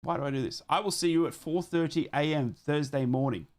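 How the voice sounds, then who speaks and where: Aussie guy streaming a footy watchalong, bit higher voice, yells n laughs at the match, says mate and bro a lot. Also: fairly quick. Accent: Australian. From Australia. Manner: excitable, shouts and laughs during the match, then slangy thank-yous. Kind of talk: live fan commentary and stream sign-off.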